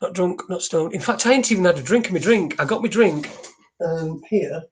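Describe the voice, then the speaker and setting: A man hosting a solo livestream, talking in a rambling, halting way with lots of restarts and swearing. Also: high voice, animated, slightly rough. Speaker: livestream host. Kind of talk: casual solo livestream chat.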